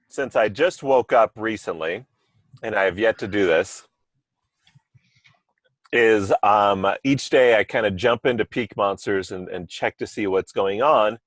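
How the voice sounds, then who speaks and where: A man's voice: on the low side, a bit bright, no echo. A man hosting a podcast in casual chat, talking loosely with asides and restarts over a remote call microphone. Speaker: podcast host.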